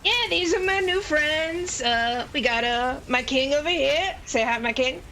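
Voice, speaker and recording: Give me a woman acting out a worn-down old knight, hesitant and fumbling, with a bright ringing tone. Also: high voice, a little hiss or hum, pitched above the performer's own voice, full character voice. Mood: awkward. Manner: halting, stammering, awkward. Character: weathered old male knight, sheepish and hesitant.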